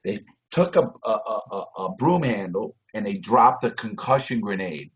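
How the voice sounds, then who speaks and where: A man telling a story on a video call, blunt and profane, shifting between loud bursts and low mutters. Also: expressive, moderate pace. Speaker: interview guest. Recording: dull lo-fi video call audio.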